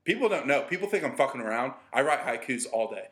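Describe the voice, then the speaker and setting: A man's voice: medium pitch, expressive, fast talker, a bit bright, echoey room. Teasing, joking man in casual chat. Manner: joking, teasing, laughs often, swears casually. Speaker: podcast co-host.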